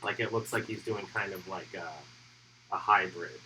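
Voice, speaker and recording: A lower-voiced man with a bright, forward tone talks through his painting steps in a relaxed, thinking-aloud way. He sounds like a hobby livestream host at work. A faint noise sits under his voice. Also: moderate pace, low-quality recording. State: hiccuping. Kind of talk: casual hobby livestream chat.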